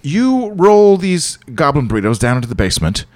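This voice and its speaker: A man chats as a player in a tabletop game, full of jokes and quick reactions. His pitch leaps all over the place, from low mumbles to sudden high exclamations. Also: sing-song. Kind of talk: casual tabletop game chat.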